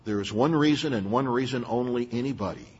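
A man's voice: mid-range voice, a little fast, breathy edge. Older male pastor in a reverberant hall. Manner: earnest, emphatic, with asides and small laughs. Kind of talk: sermon. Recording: muffled, long hall reverb.

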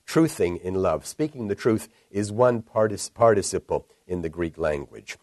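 A man preaching a sermon in a measured, earnest way, his voice rising as he reads scripture aloud. His voice sits on the low side. The recording is dry and close, with no room sound. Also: expressive, darkish tone, dry recording. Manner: measured, earnest, rises when reading scripture. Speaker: pastor.

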